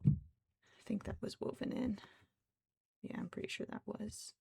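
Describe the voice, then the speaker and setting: A woman's voice: medium pitch, a little slow, creaky, warm tone, slightly rough. A woman streamer chatting casually while crafting, who talks to her cats in baby talk.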